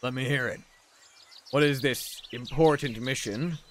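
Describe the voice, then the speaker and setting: A gruff, preoccupied commander who speaks in short, clipped orders, voiced by a man running the game. He wastes no words. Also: mid-range voice, unhurried, a little hiss or hum, close to an everyday voice. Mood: curt.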